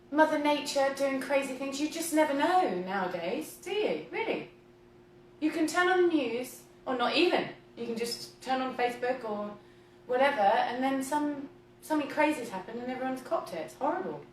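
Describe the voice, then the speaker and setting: A woman with a high, bright-sounding voice chats her way through a home baking livestream. She giggles and reads viewer comments aloud as she goes. The camera mic sits a step away in an echoey kitchen, with faint background sound. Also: slight background noise. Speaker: host of a home cooking livestream. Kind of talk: casual livestream chat while baking. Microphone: camera mic at a distance. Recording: roomy kitchen from a distant mic.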